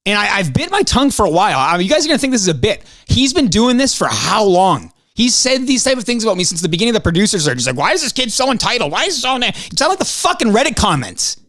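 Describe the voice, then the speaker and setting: A young man hosting a podcast, hoarse and losing his voice, ranting heatedly with plenty of swearing. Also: high-pitched, sing-song, quick pace, hardly any pauses, a bit bright, dry recording, studio quality. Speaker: podcast host. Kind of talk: casual podcast monologue.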